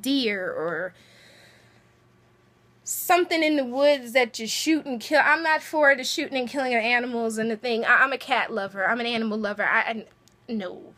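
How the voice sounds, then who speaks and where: Brief: woman, high and bright voice, chatty show recapper, animated asides. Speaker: TV episode recapper. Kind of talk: casual episode recap.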